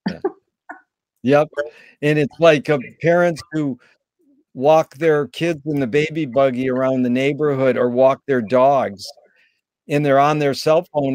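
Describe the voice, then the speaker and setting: A male interviewer with a fairly high voice, recorded close and dry. He keeps the talk going with encouraging short affirmations. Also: measured pace, a little mellow, dry recording, poor audio. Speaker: interviewer host. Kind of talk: casual conversational interview.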